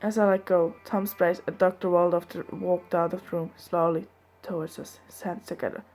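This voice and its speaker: A woman reads fanfiction aloud in a casual, earnest manner. She keeps stopping for chatty asides to the listener. Faint music plays softly behind her. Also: fairly low pitch, little pitch movement, moderate pace. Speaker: fanfiction reader.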